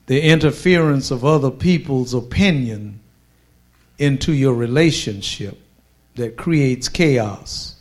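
Slow, emphatic male preacher. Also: mid-range voice. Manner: slow, drawn-out preaching cadence with emphatic pauses; forceful declarations. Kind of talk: sermon.

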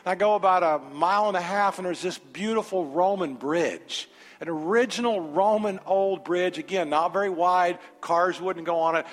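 High-voiced preacher in a reverberant church. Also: male voice, normal speed. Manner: animated storytelling, rising to emphatic altar call. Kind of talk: sermon with a personal story. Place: large church sanctuary. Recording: reverberant sanctuary with faint music.

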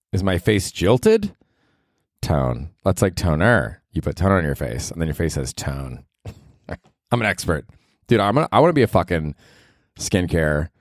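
In a low voice, a podcast host rambles through a comedic monologue of his own, swearing and poking fun at himself. The studio sound is clean, with no room sound.

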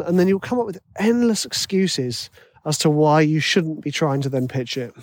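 A man's voice: a little high, moderate pace, darkish tone, dry recording. A man talking casually and giving advice about writing music, chatty and self-deprecating. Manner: chatty, self-deprecating, acts out worried inner voices. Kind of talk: casual solo monologue.

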